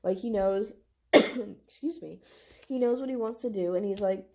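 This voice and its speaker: A young woman talking straight to camera through a tarot reading, gushing and excitable, full of "like". Her voice is mellow and warm, sitting at a middle pitch. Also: measured pace. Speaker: tarot reader.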